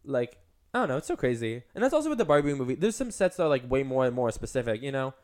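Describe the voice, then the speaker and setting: A man co-hosts a podcast in casual chat, rambling with heavy use of "like" and "um". His medium-pitched voice is very animated, fast and a little mellow.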